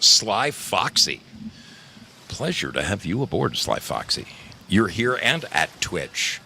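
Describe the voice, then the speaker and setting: A man hosts a casual livestream from a home set, welcoming viewers one by one. His voice sits low but rings bright and forward, and his pitch swoops all over as he plays up each greeting with affectionate, effusive warmth. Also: slight background noise. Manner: playful, effusive, calls viewers darling. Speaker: livestream host.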